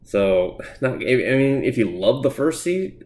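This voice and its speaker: A man's voice: medium pitch, lively intonation, a little slow, a little mellow. A man giving blunt, profane, sarcastic comic book reviews in a casual solo podcast. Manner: blunt, profane, sarcastic rants with mocking asides.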